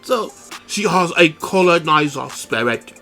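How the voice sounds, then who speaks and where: A man's voice: a little high, animated, measured pace, bright, forceful tone, faint music behind. A man hosting a radio show, ranting in a blunt, profane and preachy way. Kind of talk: profane solo radio rant.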